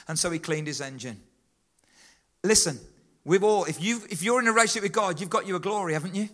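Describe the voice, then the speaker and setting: A man's voice: high voice, fast talker, fairly bright tone. A middle-aged male preacher delivering a sermon, emphatic and rhythmic, repeating key phrases.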